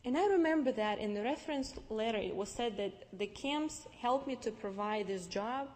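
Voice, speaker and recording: A young woman with a Russian accent, Russian-speaking by birth, telling her personal faith story to an audience in a lively, storytelling way. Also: fairly high pitch, normal speed. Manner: lively storytelling with restarts and acted-out dialogue. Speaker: speaker giving testimony. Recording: long reverb from a large hall.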